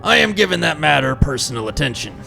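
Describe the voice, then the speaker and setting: A man playing a stern starship captain in a radio drama, speaking in a deliberate, commanding way. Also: a little high, sing-song, creaky, pushed and bright, faint music behind, heavily acted.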